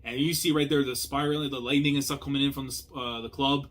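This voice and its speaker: A young man talks through a manga chapter in casual slang. He drops to low mutters, then breaks into loud, excited outbursts. His voice sits at an ordinary middle pitch for a man. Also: quick pace. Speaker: manga reaction host. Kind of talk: casual reaction commentary.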